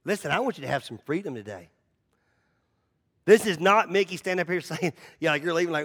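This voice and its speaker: A male pastor preaching in a loose, story-driven way, his voice sitting high for a man. He is animated and chatty, stumbling over and repeating words as he builds his point. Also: brisk, long pauses, husky. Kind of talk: conversational sermon.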